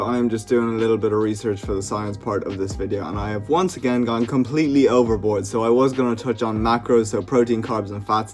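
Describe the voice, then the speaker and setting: Young male fitness vlogger, informal and jokey, soft mellow tone over light background music. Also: medium pitch. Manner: chatty, joking, informal. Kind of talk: casual recipe voiceover.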